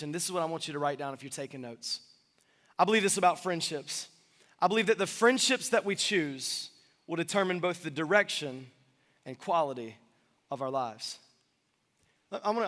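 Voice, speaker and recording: Thirties guy preaching, high bright voice, lots of jokes with the crowd, big echoey church hall. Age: 30s. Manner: energetic, joking with the congregation. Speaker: pastor. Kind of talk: sermon. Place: church sanctuary. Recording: long church hall reverb.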